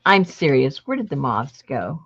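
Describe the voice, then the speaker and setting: A woman's voice: extremely low pitch, very animated, normal speed, husky, lo-fi sound. A woman hosting a crafting video, chatting casually and thinking aloud as she works. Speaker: crafting channel host. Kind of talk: casual chat while crafting.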